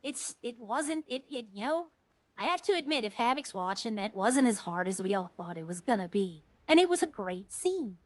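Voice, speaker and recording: Chatty streamer woman, fairly high voice. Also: moderate pace, no room sound, low-quality recording. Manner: rambling, with frequent restarts. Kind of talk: casual chat while playing a game.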